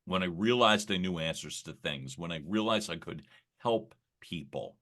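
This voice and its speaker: A man guesting on a podcast, talking in a reflective, rambling way with many fillers and restarts and a slightly gravelly early-morning voice. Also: low-pitched, expressive, normal speed, a bit bright. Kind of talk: casual conversational interview.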